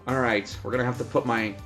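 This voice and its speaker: A man streaming a game, commenting casually in a relaxed, rambling way. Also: mid-range voice, moderate pace, soft background music.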